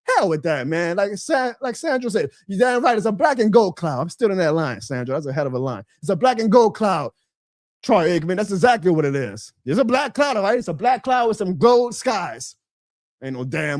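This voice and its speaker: A man rants fast and hot, swearing freely and pitching his voice high when worked up. He hosts a sports stream and sinks into grumbling mutters between outbursts. The sound is dry and close. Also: expressive, no echo. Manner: fiery, profane, loud and indignant, dropping into low mutters. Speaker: host of a live sports stream. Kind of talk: ranting sports commentary.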